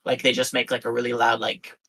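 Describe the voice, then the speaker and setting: A man hosting a podcast, telling a story in casual chat, animated and self-mocking, swearing freely. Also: medium pitch, fast, rough recording. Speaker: podcast host.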